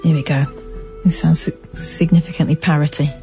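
A woman's voice: deep voice, steady tone, a little fast, dull audio, music in the background. A woman hosting late-night talk radio, reading news with chatty, wry asides and mock-dramatic emphasis. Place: radio studio. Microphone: studio microphone.

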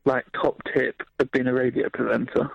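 Phone-in caller: man, relaxed and plain-spoken, mid-range voice, dull dry phone line. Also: medium pitch, normal speed, creaky, slightly rough, dry recording. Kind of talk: phone-in call.

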